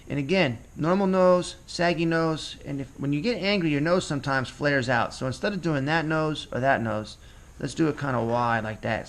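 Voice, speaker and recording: A man teaching a casual cartooning lesson, chatting and thinking aloud as he draws. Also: mid-range voice. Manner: relaxed, chatty, thinking aloud while drawing. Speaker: cartooning instructor. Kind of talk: casual drawing tutorial.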